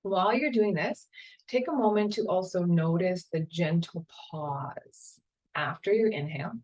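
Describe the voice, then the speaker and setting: A woman yoga teacher leading a guided meditation in a slow, calm, soothing way. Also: fairly low pitch, poor audio. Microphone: camera mic, seated on a chair.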